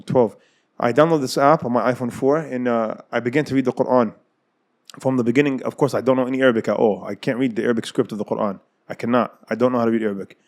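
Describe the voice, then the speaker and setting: A man's voice: medium pitch, darkish tone. A man in his thirties, an Islamic scholar telling his personal story as an interview guest, often repeating and rephrasing his words. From United States. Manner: fast, repeats and rephrases phrases.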